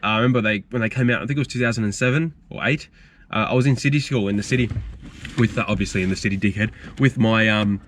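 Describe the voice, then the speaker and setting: Man, young adult, casual vlog, rambling, frank, quick. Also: on the low side, slight background noise. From Australia. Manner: rambling, frank, storytelling with fillers. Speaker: car channel host.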